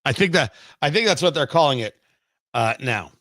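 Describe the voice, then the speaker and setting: A man's voice: mid-range voice, lively intonation, moderate pace, a bit bright, no room sound. A male talk show host giving a rambling, sarcastic political commentary monologue, full of restarts and tangents. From United States.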